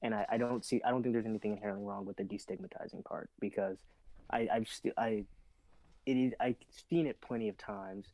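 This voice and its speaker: A man's voice: on the low side, a little fast, mellow, no room sound, low-quality recording. A man in a casual group discussion, laying out his points step by step with careful hedging. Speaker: podcast co-host.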